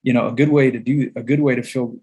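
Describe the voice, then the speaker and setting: Dude on a podcast rambling along, pretty monotone, curses casually. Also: male voice, medium pitch, fast, poor audio. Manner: loose, rambling, swears casually. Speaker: podcast co-host.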